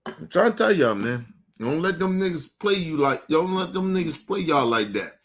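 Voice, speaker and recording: A man's voice: a little high, big pitch swings, moderate pace, a little hiss or hum. A man delivering an angry, profane monologue to his audience, repeating himself and challenging his target directly. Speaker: show host.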